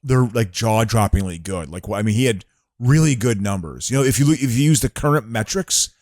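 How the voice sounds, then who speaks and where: A man's voice: on the low side, lively intonation, a little fast, darkish tone, dry recording, clean studio sound. A man co-hosting a podcast in casual chat, rambling with stops and restarts, swearing and laughing easily. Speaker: podcast co-host.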